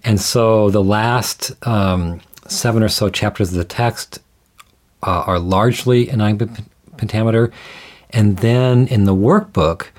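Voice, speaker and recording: A man explaining ideas in a measured, thoughtful way, often restarting his sentences as he talks things through. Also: lowish voice, steady tone. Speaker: guest scholar. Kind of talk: conversational explanation.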